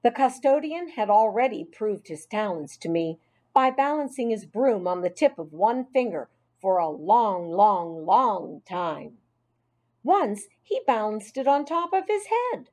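A woman narrating a children's audiobook in an expressive, unhurried storytelling manner. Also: a little high.

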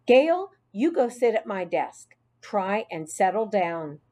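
A woman voicing a firm but patient female teacher calming two girls, in a storybook reading. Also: mid-range voice, takes it slowly. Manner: firm and soothing.

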